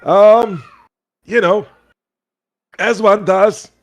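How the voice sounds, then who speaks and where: A high, twangy elderly boggart, put on by a man running a tabletop game. He drawls in a cheerful, hospitable, folksy way. He sounds like an old fisherman by his campfire. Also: steady tone, extremely slow. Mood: folksy friendly.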